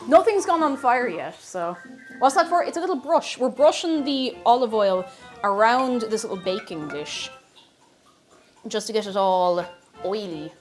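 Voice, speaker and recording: A woman's voice: on the high side, expressive, measured pace, faint music behind. An Irish woman chatting with her stream audience while cooking in her home kitchen, bubbly and talkative. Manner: chatty, bubbly, reads out viewer names. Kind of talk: casual livestream chat while cooking.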